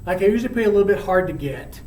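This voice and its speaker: Guy doing a swoony teen girl, gushy and dramatic, kinda raised up and loud, echoey room far off mic. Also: sits high, lively intonation, very fast, a little hiss or hum. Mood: coy. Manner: breathless, gushing modern slang. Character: lovestruck teenage girl, gushing and dramatic.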